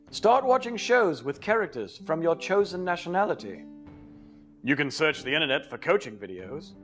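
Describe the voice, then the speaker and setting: A man giving scripted instructional narration as a festival trainer, in a theatrical, playful and courtly way. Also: on the high side.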